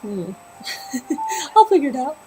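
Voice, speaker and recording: A woman's voice: high-pitched, slow pace, a little hiss or hum, low-quality recording. A woman hosting a knitting livestream, chatting and laughing as she tells a personal story. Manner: chatty and animated, laughing often. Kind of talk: casual storytelling while knitting.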